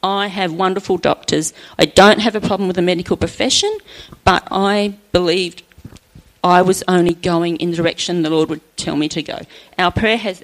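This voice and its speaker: A middle-aged woman sharing an earnest personal faith testimony at church, chatty and often laughing softly. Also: fairly low pitch, low-quality recording.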